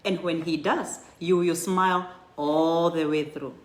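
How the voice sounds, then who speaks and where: A woman's voice: on the low side, fairly even intonation, unhurried. Earnest woman giving a church testimony. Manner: earnest, encouraging, with restarts. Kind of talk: personal testimony. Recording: echoey room.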